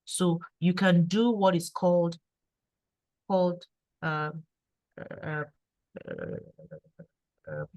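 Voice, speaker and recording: A woman with a fairly low voice gives advice at an online meeting. She stammers and repeats words, and her voice sounds dry and close to the mic. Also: wildly swooping pitch, very slow, long pauses, a little mellow, no echo, rough recording. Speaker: guest speaker sharing her trading story.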